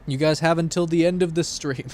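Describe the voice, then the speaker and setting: Excitable male streamer, higher voice. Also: a little fast. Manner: excitable, rambling and jokey. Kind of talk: gaming livestream chat.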